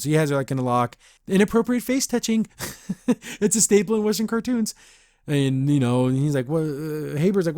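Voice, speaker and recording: A man's voice: on the high side, a little mellow, dry recording, studio quality. A man hosting a podcast, casually recapping a cartoon episode in a rambling, chatty way and briefly mimicking the characters.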